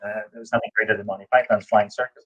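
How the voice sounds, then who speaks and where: A man's voice: fairly even intonation, very fast, bright, forceful tone, husky, poor audio. A man from New England, co-hosting a casual chat and telling long, rambling anecdotes full of fillers. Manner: rambling storyteller, acts out quotes in a high voice. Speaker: co-host.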